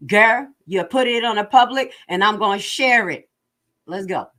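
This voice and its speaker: A woman giving casual livestream commentary in an animated, joking and sassy way. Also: mid-range voice, normal speed. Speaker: online commentator.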